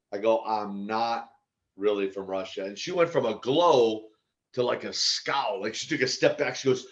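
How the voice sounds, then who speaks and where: A man in his sixties, a former pro wrestler, telling stories as a podcast guest in an animated way with laughs and restarts. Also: mid-range voice, a little fast. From United States. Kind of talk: casual storytelling interview. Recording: dull lo-fi audio.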